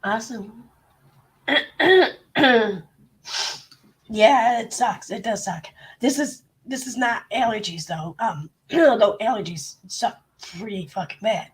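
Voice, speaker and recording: A woman live streamer, sick with a bad cold and clearing her throat, chatting bluntly and swearing freely as she greets her viewers. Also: on the high side, slow, long pauses. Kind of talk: casual livestream chat.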